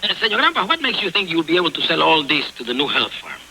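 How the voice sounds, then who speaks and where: An actor playing a boastful young farmhand who fancies himself a charmer. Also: male voice, fairly high pitch, sing-song, fast talker, bright, forceful tone, a little hiss or hum, full character voice, low-quality recording. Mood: cocky. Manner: bragging, playful. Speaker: hired hand.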